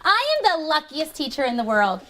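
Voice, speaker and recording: High-voiced encouraging woman teacher. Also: a little fast. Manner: animated, encouraging, praising. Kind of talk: classroom teaching to young children. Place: classroom.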